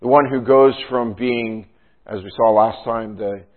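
A man's voice: medium pitch, steady tone, unhurried. Man preaching over a tinny line. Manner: preaching, with rhetorical questions and frequent "right?". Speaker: pastor. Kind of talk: sermon. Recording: tinny phone-like sound.

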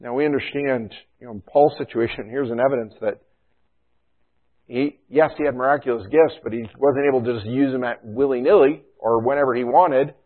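A man's voice: mid-range voice, brisk. A middle-aged man pastor preaching a sermon in a conversational way, often adding "you know" and "right?". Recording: thin phone-like sound.

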